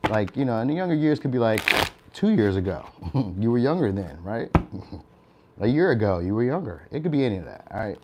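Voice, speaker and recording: A man's voice: lowish voice, big pitch swings, fairly quick, lo-fi sound, heavy background noise. A young man giving a casual, chatty tarot reading. He laughs often and keeps tagging his lines with "all right?". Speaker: tarot reader.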